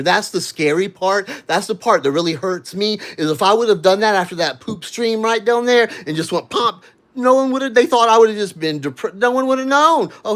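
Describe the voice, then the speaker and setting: A man vlogging, ranting in an agitated way and swearing as he addresses a critic directly. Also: high-pitched. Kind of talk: angry livestream rant.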